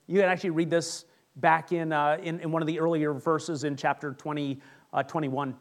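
A male pastor preaching a sermon, retelling Bible stories with lively acted-out voices. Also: a little high, normal speed. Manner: animated storytelling, acts out Bible characters.

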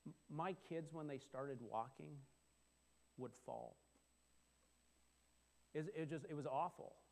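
A middle-aged man preaching a sermon, talking in a conversational way with restarts and sudden excited exclamations. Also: a little high, takes it slowly, gravelly. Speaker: pastor.

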